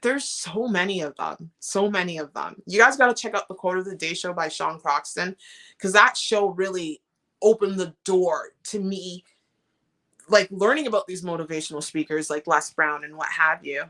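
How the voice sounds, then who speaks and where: Bright-voiced woman hosting a live chat. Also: on the low side, normal speed. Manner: warm, encouraging, reads chat comments aloud. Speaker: live stream host. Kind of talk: casual live-stream chat.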